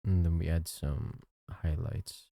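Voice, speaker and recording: Drawing on stream, this man talks slowly in a low-pitched voice with vocal fry, casually chatting and thanking his viewers. He's chatty and his delivery rises and falls lively. Audio is studio quality and dry.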